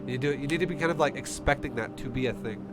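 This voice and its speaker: Heavy background noise and underlying music surround this fast-paced, mid-range male voice. He's a StarCraft coach going over a replay with a player on a casual stream, blunt, heated and frequently cursing, with a runny nose.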